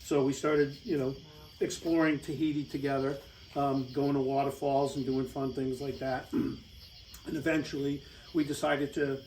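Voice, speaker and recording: A man's voice: mid-range voice, level tone, measured pace, darkish tone, slight background noise, rough recording. A middle-aged American man telling a rambling, casual travel story over slides, with lots of fillers and laughs. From United States.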